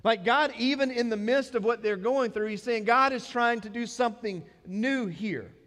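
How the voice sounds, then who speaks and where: A man's voice: very high voice, normal speed, fairly bright tone. A man with a Southern American accent preaching a sermon as pastor of a church, in a conversational way that builds to emphatic points. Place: church sanctuary. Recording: long hall reverb.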